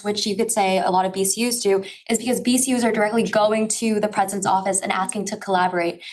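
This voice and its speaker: A young woman student senator speaking in a meeting discussion, chatty and quick to laugh at herself. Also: medium pitch, poor audio. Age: young adult.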